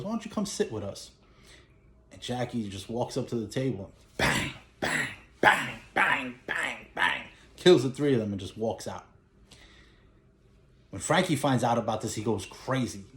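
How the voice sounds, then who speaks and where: A man casually retelling a film's plot as a collector and reviewer, animated and breaking into character lines. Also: medium pitch. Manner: animated storytelling, acts out lines in a raised voice. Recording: roomy echo.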